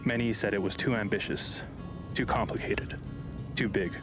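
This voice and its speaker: A man giving measured, scripted documentary narration. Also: fairly low pitch, steady tone. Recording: narration over guitar music.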